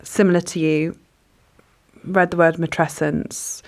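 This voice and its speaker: Low-voiced, reflective woman author. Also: level tone, a little slow. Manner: thoughtful, reflective, with frequent hesitations. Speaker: author and journalist guest. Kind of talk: conversational interview.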